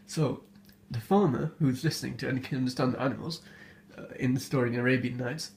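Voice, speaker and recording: A man casually retells an old folk tale, stumbling and restarting as he goes. He sounds amused by his own story and often pauses on fillers, with a plain, mid-pitched voice. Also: steady tone, creaky, a little mellow, a little hiss or hum.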